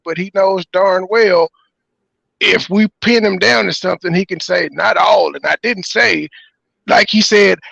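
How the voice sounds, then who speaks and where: A man's voice: high-pitched, creaky, a bit bright, no echo. A man hosting a casual podcast chat, rambling and hesitant, on a dull, dry, lo-fi mic. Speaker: podcast host.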